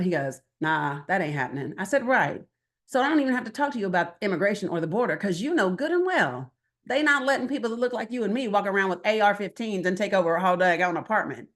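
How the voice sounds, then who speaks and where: Animated woman giving a lively workshop talk. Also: fairly low pitch. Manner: animated, conversational, asks the room questions, acts out dialogue. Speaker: guest speaker at a political training.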